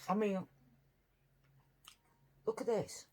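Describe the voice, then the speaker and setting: A woman's voice: mid-range voice, fairly even intonation, slow, warm tone, a little hiss or hum. A woman from Britain, chatting in a rambling, earnest way while eating on camera for her vlog. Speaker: mukbang vlogger. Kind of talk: casual eating chat.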